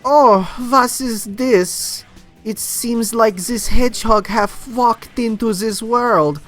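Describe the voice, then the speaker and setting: A man voicing a pompous robot villain doctor in a slow, drawn-out comedy voice with a fake accent that keeps shifting. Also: very high-pitched, a bit bright, soft background music, voice pushed up, full character voice. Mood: hammy menace.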